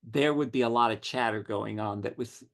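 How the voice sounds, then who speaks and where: A middle-aged man, a writer, telling witty anecdotes as an interview guest. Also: medium pitch. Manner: witty, animated storytelling with quick asides. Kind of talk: conversational anecdotes.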